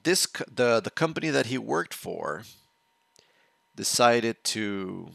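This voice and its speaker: Guy with a low gravelly voice rambling thru a story, dry close sound. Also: very animated, slow, fairly bright tone, no room sound. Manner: rambling, restarts phrases as he explains. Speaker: watch-along reaction host. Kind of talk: casual storytelling chat.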